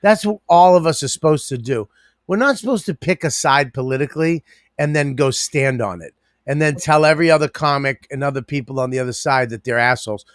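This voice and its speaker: A man's voice: fairly high pitch, brisk, no room sound, clean studio sound. A man co-hosting a podcast, ranting in a profane way and laughing through his lines in casual chat. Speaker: podcast co-host.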